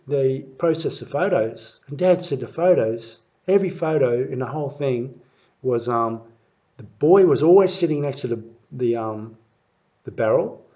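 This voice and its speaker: A man telling a family story in a rambling, halting way, full of fillers and restarts, livening up when he mimics the crowd. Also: mid-range voice. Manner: lively when acting out crowd voices. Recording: muffled lo-fi recording.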